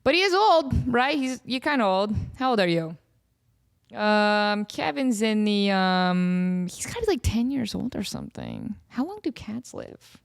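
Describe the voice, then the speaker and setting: A woman's voice: medium pitch, wildly swooping pitch, unhurried, gravelly, dry recording, clean studio sound. A woman hosting her own podcast, chatting casually and telling jokey stories with playful impressions. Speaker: podcast host. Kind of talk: casual solo podcast chat.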